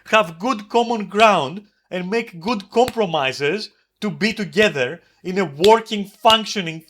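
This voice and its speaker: A man streaming an angry, profane rant about his old flatmate, yelling at times. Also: high-pitched. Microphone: desk microphone.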